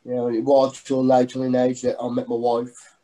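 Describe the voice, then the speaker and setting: A middle-aged man giving a personal testimony in a halting, earnest way, full of restarts. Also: medium pitch, monotone, mellow, low-quality recording. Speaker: guest sharing testimony.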